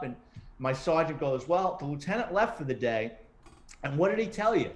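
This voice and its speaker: Talking fast in a higher-pitched voice, a middle-aged man who is a retired police detective and author recounts stories as a guest in a relaxed interview. He animatedly performs the voices of those he quotes, and the recording echoes roomily.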